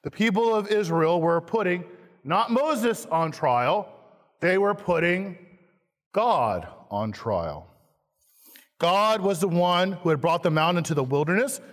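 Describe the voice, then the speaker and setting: Pastor guy preaching slow and emphatic, highish voice, long church echo. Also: fairly bright tone. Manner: slow, emphatic preaching with dramatic quoted lines. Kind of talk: sermon. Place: church sanctuary. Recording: long hall reverb, church sanctuary.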